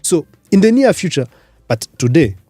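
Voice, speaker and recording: A man from Rwanda, a career expert guest on a radio interview, explaining in numbered points with lively emphasis. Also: on the high side, moderate pace, slightly rough, dry recording, faint music behind. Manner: animated, lecturing in numbered points. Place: radio studio.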